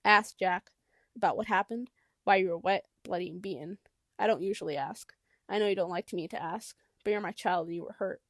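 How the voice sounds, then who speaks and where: A woman's voice: fairly low pitch, brisk, a bit bright, dry recording, clean studio sound. A woman reading as a firm, protective mother. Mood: earnest.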